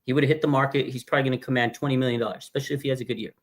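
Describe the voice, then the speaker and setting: A man in his thirties runs a casual live fan stream. He rambles with animated, slangy banter, and his pitch sits in the middle range for a man. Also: very fast. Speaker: fan show livestream host.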